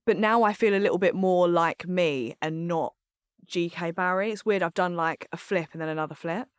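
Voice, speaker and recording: Woman, podcast guest, smooth clear tone, dry studio sound, candid and rambling. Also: fairly low pitch, normal speed, dry recording. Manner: candid, chatty, rambling with fillers. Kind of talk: casual chat.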